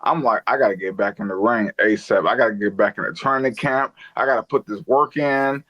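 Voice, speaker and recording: A man's voice: on the low side, brisk, highs cut off. A man co-hosting a sports podcast, talking in an eager, pumped-up way. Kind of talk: casual sports chat.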